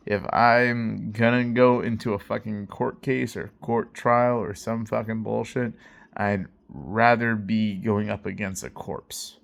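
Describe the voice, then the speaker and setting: Man, somewhat low voice, intense casual storytelling, profane, keeps asking "right?". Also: creaky, fairly bright tone. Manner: intense, heavy swearing, frequent "right?" and "you know". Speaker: delivery driver telling a story.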